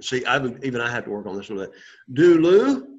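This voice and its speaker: A man's voice: mid-range voice, steady tone, fast talker, pushed and bright. A man teaching a Greek lesson, patiently leading the class to repeat words after him. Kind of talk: classroom lesson with call-and-response drills. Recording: dull lo-fi classroom recording.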